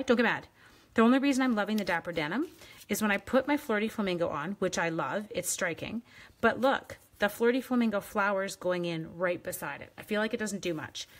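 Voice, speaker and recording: Husky-voiced chatty woman demoing crafts. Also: mid-range voice. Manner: chatty, playful, self-teasing. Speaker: craft demonstrator chatting with live viewers. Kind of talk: casual live craft demo.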